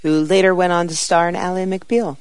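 Female co-host, deadpan wit, lower voice, dry close sound. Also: fairly quick, no echo. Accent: American. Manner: dry, witty. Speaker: podcast co-host. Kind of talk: casual panel chat.

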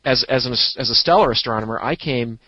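A talkative man speaks as an astronomer guest in an easygoing podcast chat, explaining ideas and slipping in wordplay. His voice sits at an average pitch. It is dry and close, with a dull, lo-fi tone. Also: a little fast, no echo. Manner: chatty, explanatory, enjoys puns. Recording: dull lo-fi recording.

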